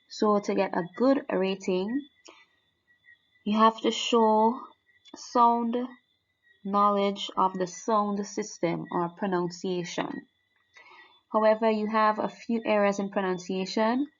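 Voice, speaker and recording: A woman teaching, walking students step by step through a French oral exam mark scheme and repeating the key points. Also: mid-range voice. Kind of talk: exam guide lesson. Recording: dull lo-fi sound.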